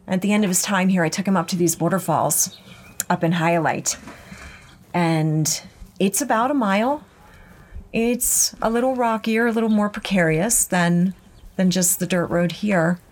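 Brief: middle-aged woman host, gentle reflective storyteller on an outdoor walk. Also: on the low side, normal speed. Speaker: podcast host. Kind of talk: walking podcast monologue. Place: outdoors on a ranch trail.

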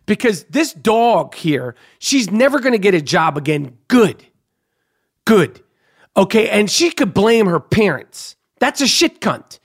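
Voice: medium pitch, sing-song, measured pace, breathy edge. Ranting, stammering podcast host. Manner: ranting, profane, repetitive, stammering restarts. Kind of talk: angry monologue commentary.

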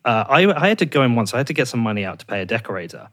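A man's voice: sing-song, racing, fairly bright tone. A man hosting a podcast, ranting in a heated, swearing casual chat, his voice jumping up when he gets worked up. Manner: fired up, swears a lot, voice jumps high when ranting. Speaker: podcast host.

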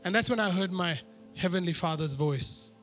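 A man preaching a sermon through a personal story, animated and poking fun at himself. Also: sits high, normal speed, soft background music. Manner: animated, self-mocking humor.

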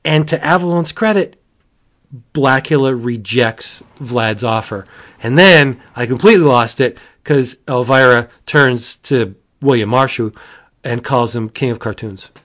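Excitable man gushing about comics. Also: measured pace. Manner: gushing, excitable, jumps to high exclamations. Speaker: comic book reviewer. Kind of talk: casual podcast chat.

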